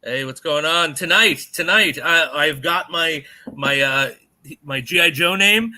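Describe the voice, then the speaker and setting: A man's voice: on the high side, unhurried, pushed and bright. A man co-hosting a casual podcast, jokey and playful, laughing often. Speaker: podcast co-host. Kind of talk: casual chat.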